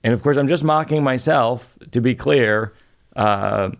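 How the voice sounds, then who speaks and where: With a gravelly, mid-range voice and a measured pace, a middle-aged podcast-hosting comedian tells a funny story. His delivery is dry and self-mocking, sprinkled with playful asides.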